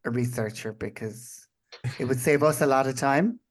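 A man's voice: medium pitch, moderate pace. A man co-hosting a podcast, chatting casually with teasing, mock-formal interjections. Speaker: podcast co-host. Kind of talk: casual chat.

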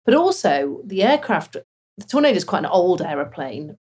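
A woman, a former fighter pilot, telling stories in a casual interview with animated laughter. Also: fairly low pitch, moderate pace, breathy edge.

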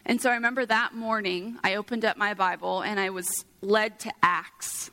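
A woman's voice: mid-range voice, fairly even intonation, normal speed, hardly any pauses, sharp tone. A young woman giving an earnest sermon, mixing scripture with a personal story and casual fillers. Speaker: preacher.

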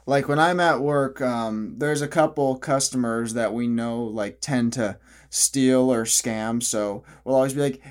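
A man's voice: medium pitch, normal speed. A young man in a casual, opinionated vlog monologue who rambles, restarts often and laughs at his own jokes. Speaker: vlogger.

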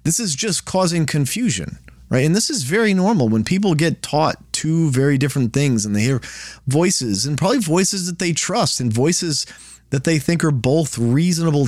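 A man's voice: fairly high pitch, a little mellow, no room sound, studio quality. A man hosting a Bible study, teaching in a conversational way and often restarting phrases as he explains. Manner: conversational, restarts and repeats words while explaining.

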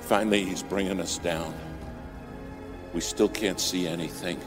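Preacher, male, deep voice, dramatic sermon storytelling with swings from loud to hushed, music underneath. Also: fairly even intonation, a little slow. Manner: dramatic, rises to loud emphatic peaks then drops to near whispers.

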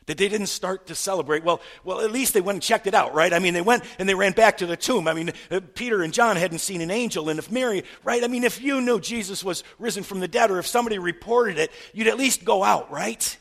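A man preaching a sermon, retelling a story with stammered repeats and rhetorical questions, swinging from loud to hushed. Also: sits high, fast, hardly any pauses. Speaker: pastor.

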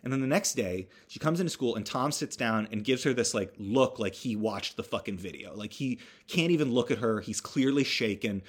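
A man's voice: mid-range voice, lively intonation, moderate pace, few pauses, husky. A man casually recapping a horror movie, rambling with wry asides and self-corrections.

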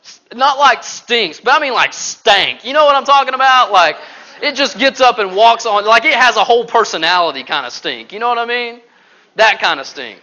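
A man preaching a sermon, telling stories with animated swings from loud to hushed. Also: very high-pitched, fairly quick, muffled recording. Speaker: pastor.

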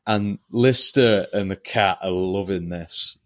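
A man's voice: low voice, takes it slowly, a bit bright. A man co-hosting a podcast, chatting casually as he retells TV scenes and acts out quoted lines. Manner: retells scenes, acting out quotes in put-on voices. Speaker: podcast co-host. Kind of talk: casual chat recapping a TV episode.

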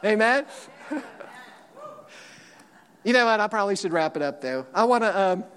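A man's voice: high voice, expressive, normal speed, smooth. A middle-aged man preaching a fiery sermon as a pastor, calling out to his congregation. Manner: fiery, preaching loudly with call-and-response. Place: church sanctuary. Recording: long reverb of a large hall.

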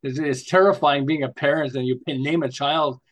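Podcast guest: older man from Canada, a bit high-voiced, lively, rambling anecdotes. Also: brisk. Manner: rambling, animated anecdotes with restarts. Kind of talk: casual interview storytelling.

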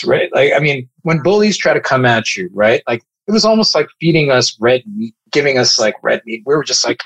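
Man, husky voice, dry close sound, animated, swears freely, conversational. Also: medium pitch, a little fast, few pauses, no room sound, poor audio. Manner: animated, profane, emphatic storyteller. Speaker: nonprofit advocacy leader. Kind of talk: casual podcast storytelling.

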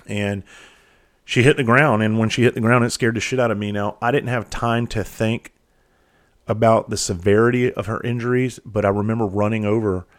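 A father telling an emotional personal story in a candid, profane way, often halting and restarting his sentences. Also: lowish voice, fairly even intonation.

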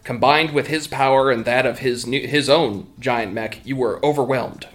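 A man's voice: medium pitch, moderate pace, a bit bright. A man narrating as game master in a tabletop role-playing session, playful and full of fillers.

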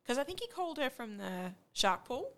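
Bright-voiced woman co-hosting a recap. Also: sits high, wildly swooping pitch, brisk. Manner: indignant, acts out characters' lines. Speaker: podcast co-host. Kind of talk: casual chat recapping a TV show.

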